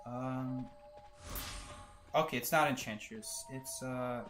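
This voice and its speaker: A man's voice: medium pitch, steady tone, takes it slowly, fairly bright tone, soft background music. A man streaming a video game, chatting casually and joking as he plays, laughing often. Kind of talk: casual live-stream gameplay commentary.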